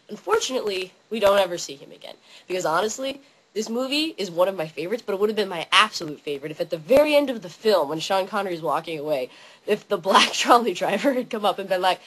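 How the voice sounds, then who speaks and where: A young woman excitedly ranting about a favorite movie, yelling and acting out scenes in funny voices. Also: medium pitch, brisk, low-quality recording. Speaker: vlogger.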